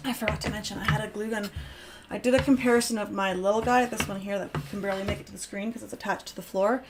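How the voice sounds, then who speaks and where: A woman's voice: mid-range voice, fairly even intonation, quick pace, noisy background. A woman hosting a live crafting stream, chatting casually and self-deprecatingly as she works aloud. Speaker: crafting host.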